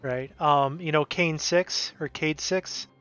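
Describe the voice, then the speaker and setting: A man's voice: on the high side, steady tone, takes it slowly, fairly bright tone. Rambling man chatting on a stream. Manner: rambling, self-interrupting storyteller. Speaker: stream co-host. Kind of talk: casual chat. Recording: dull lo-fi stream audio with music.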